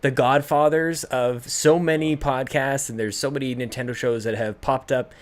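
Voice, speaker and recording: A man hosting a podcast in casual chat, rambling and jokey with halting restarts. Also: mid-range voice, steady tone. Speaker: podcast host.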